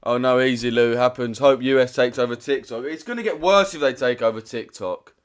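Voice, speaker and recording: A man with hosts a live trading stream. He talks to his chat bluntly and swears freely. His speech comes in quick bursts that he often restarts. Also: medium pitch. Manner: blunt, slangy, heavy swearing. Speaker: trading livestreamer. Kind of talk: casual livestream chat to viewers.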